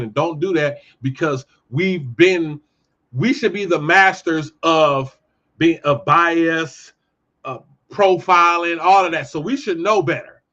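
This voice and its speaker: Male commentary host, high-pitched, ranting casually, swings between shouting and muttering; muffled lo-fi recording. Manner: heated, ranting, swings from loud outbursts to low muttering. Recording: dull lo-fi audio.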